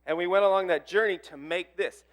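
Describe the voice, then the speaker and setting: A man with a fairly high voice preaches in a chatty, expressive way. He shifts from loud, emphatic bursts down to near-murmurs. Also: brisk. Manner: conversational and expressive, with big swings in loudness. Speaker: pastor. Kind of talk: sermon.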